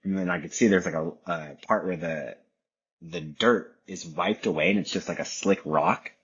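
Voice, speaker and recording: A man's voice: low-pitched, steady tone, moderate pace, slightly rough, highs cut off. A young man telling stories in a laid-back casual chat, saying dude a lot and acting out voices. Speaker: podcast guest.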